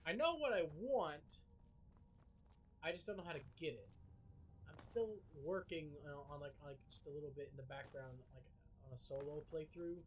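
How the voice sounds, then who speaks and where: A man's voice: fairly high pitch, moderate pace, slight background noise, low-quality recording. A man chatting casually to his viewers on a live game stream, rambling loosely and filling his speech with lots of "like". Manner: rambling, filler-heavy talk.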